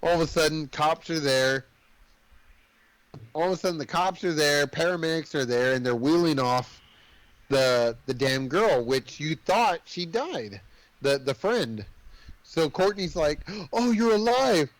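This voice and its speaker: A man co-hosting a podcast, casually recapping a film plot in an animated, swearing storytelling manner. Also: a little high, measured pace, no echo, low-quality recording. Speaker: podcast co-host. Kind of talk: casual movie recap chat.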